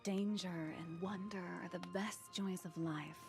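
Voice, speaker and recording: A mysterious game guide, calm and knowing, low voice, gravelly, music behind. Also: female voice, measured pace. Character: wise, mysterious woman guide.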